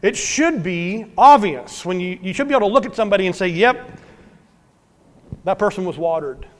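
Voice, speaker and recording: A man preaching a sermon as pastor, earnest, swinging from emphatic to hushed. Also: sits high, lively intonation, quick pace. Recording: long hall reverb.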